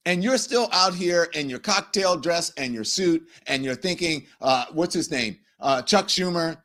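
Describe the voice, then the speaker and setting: A middle-aged man hosting a live political commentary stream, ranting in an animated, profane way. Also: a little high, unhurried, few pauses. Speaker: livestream host.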